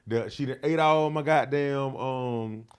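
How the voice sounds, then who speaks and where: A man telling a wild personal story in an interview, slangy and profane, full of fillers, getting loud and animated as he acts it out. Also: mid-range voice, a little slow, clear, resonant tone. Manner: grows loud and animated when reenacting. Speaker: interview guest.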